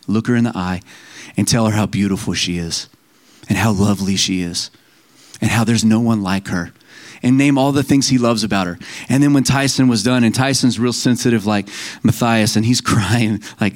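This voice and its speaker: A man preaching a sermon in a conversational, storytelling way, quoting scripture and family members and laughing at himself now and then. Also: lowish voice.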